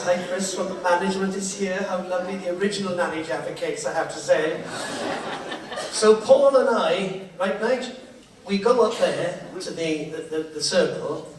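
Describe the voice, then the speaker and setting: A man's voice: high voice, very echoey. A man doing chatty, laughing stage patter to a theatre audience. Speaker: entertainer on stage. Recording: distant live theatre recording with crowd and noise.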